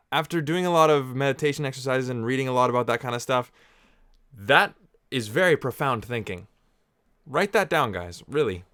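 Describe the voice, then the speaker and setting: A man's voice: mid-range voice, fairly bright tone, clear, resonant tone. A Canadian man giving a casual, jokey watch-along commentary on a movie, reacting aloud as he goes. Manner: chatty and jokey, reacting aloud with laughs and asides. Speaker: movie reviewer.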